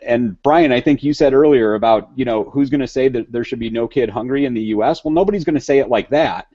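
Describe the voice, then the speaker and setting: A man's voice: mid-range voice, warm tone, no room sound, highs cut off. A man speaking earnestly on a video call panel, restarting phrases often and joking at himself. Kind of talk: casual video panel chat.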